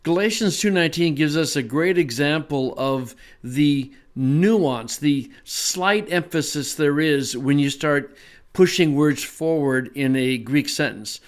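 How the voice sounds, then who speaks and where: Man, teacher, measured lesson, stresses words, slightly high voice. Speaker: Greek teacher. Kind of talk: explanatory lesson.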